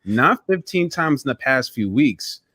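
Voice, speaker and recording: A man's voice: medium pitch, big pitch swings, a little slow, pushed and bright, breathy edge, dry recording. A man in a casual chat, earnestly telling a relatable story in the second person, with frequent restarts.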